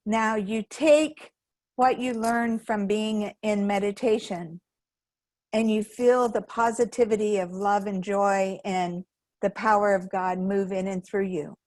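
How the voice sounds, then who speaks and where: A woman's voice: mid-range voice, steady tone, takes it slowly, darkish tone, no echo. A woman giving a sermon at a spiritual center in a conversational way, acting out the voices of people she quotes. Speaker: guest speaker at a spiritual center.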